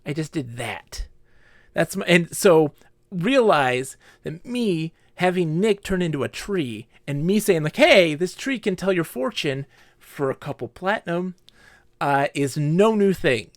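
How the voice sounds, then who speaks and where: A man's voice: on the high side, unhurried, dry recording. Chatty male game streamer, dry mic. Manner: animated storytelling, acts out quoted players. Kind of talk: casual live-stream chat while gaming.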